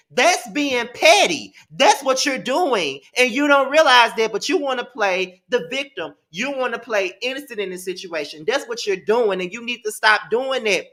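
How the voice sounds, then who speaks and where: A man's voice: sits high, pushed and bright. A man hosting a live TV episode review, talking emphatically and repeating himself in exasperation. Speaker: host.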